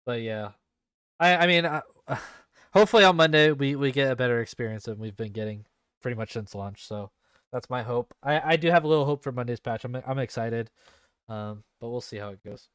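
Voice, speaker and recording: A man chats loosely about an online game as a podcast host, full of fillers and restarts. His voice is smooth and clear. The sound is dry and close. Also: mid-range voice, fairly quick, a bit bright, no room sound. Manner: rambling, heavy use of fillers and swearing. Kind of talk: casual gaming chat.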